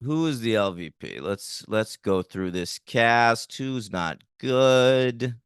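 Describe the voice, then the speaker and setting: A man co-hosting a podcast in casual chat, relaxed and fond of telling anecdotes. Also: medium pitch, takes it slowly, clear, resonant tone, no room sound, studio quality. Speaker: podcast co-host.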